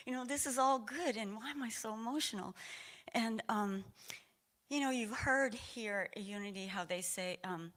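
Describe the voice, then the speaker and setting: A woman's voice: a little high, moderate pace, a bit bright. A woman from Maine telling a personal story at a church service, rambling with many fillers and restarts, laughing often and sounding a little emotional. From Maine, USA. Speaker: congregant sharing a personal story. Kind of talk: informal testimony at a church service. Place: church sanctuary.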